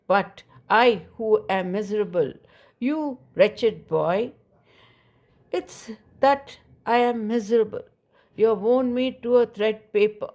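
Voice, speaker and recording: Lady reading as a worn-out mom scolding her boy, wailing and self-pitying, kinda slow. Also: medium pitch. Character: distraught scolding middle-aged mother.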